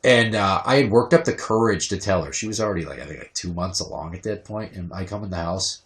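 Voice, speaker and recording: Young male podcast host; profane, lively storyteller who breaks into loud outbursts. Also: sits low, fast talker. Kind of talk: casual podcast chat.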